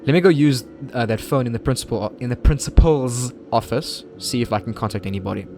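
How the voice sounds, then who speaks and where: Man voices a timid schoolboy; halting delivery, everyday tone. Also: medium pitch, dark tone, soft background music, close to an everyday voice. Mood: uneasy. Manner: hesitant, stammering. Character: nervous, shy teenage schoolboy. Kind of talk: reading game dialogue aloud.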